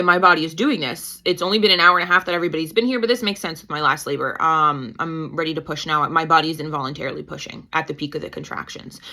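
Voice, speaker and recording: A woman in her thirties, a midwife guest telling her story in a casual, animated way and acting out her own past lines. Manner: animated, quotes herself with pitch jumps. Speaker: guest, certified nurse-midwife and mother.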